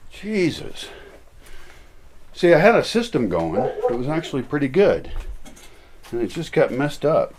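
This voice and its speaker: A man's voice: mid-range voice, very animated, slow pace, pauses often. A man chatting casually while he feeds dogs outdoors at night, wandering off and correcting himself as he talks. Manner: rambling, self-correcting. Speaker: vlogger feeding dogs. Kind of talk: casual vlog narration. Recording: noisy outdoor recording. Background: dogs barking and moving about.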